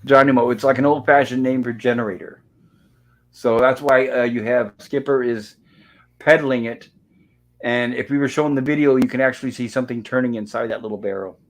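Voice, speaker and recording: A man's voice: mid-range voice, fairly even intonation, brisk. A man hosting a casual recap show, retelling scenes and reading the characters' lines aloud in an easygoing way. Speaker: show host. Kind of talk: casual episode recap chat.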